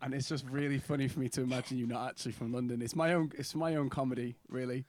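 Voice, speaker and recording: A man's voice: medium pitch, steady tone, fast talker, darkish tone, dry recording. A young man co-hosting radio, bantering and teasing in casual chat. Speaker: radio co-host.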